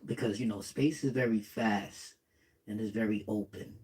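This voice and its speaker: Man, reaction vlog host, slangy casual talk, lowish voice. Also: steady tone, normal speed, a little mellow, low-quality recording. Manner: casual, slangy, talks straight to viewers.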